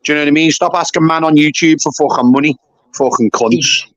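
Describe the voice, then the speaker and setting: A man's voice: on the high side, steady tone, quick pace, dry recording, highs cut off. A man from England hosting a casual livestream chat, blunt and swearing, tacking "mate" onto nearly every sentence. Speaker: YouTube livestream host.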